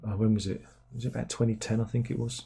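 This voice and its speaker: A man's voice: on the low side, flat delivery, fast, creaky, dark tone, husky. A middle-aged man, hosting a casual livestream, rambling on and reading out viewer comments. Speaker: livestream host.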